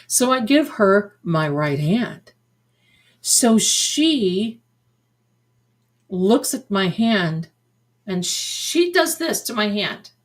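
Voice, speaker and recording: A husky woman in her sixties hosts a tarot livestream and spins a snarky anecdote. She speaks slowly, and her pitch leaps up and down as she tells it. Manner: snarky, animated anecdote telling. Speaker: tarot reader and livestream host. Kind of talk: casual storytelling on a livestream.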